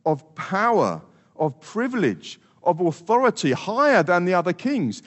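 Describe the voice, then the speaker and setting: A man preaching a sermon with earnest, repeated emphasis, sometimes dropping soft and quiet. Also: high voice, big pitch swings, measured pace. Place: church hall. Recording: long hall reverb.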